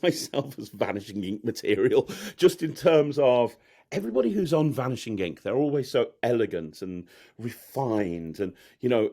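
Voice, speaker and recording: A man's voice: medium pitch, darkish tone. Man, magician, casual interview, rambling, self-deprecating, laughing. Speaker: magician guest. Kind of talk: candid casual interview chat.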